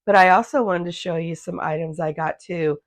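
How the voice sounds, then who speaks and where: A woman with a slightly low, hoarse and gravelly voice, talking casually in her sewing vlog. She wanders off track and corrects herself as she goes. The sound is dry and close, caught on a phone in her home sewing room. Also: moderate pace, no room sound. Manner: rambling, loses her thread and restarts. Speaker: handmade business owner, vlogger.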